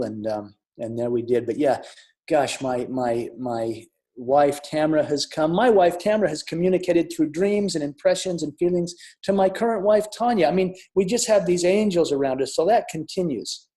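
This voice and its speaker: A middle-aged man telling a personal story in an earnest, reflective way, with restarts and soft drops in volume. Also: on the high side, animated, normal speed. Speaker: speaker sharing a near-death experience. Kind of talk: personal storytelling talk with audience questions. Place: online summit talk.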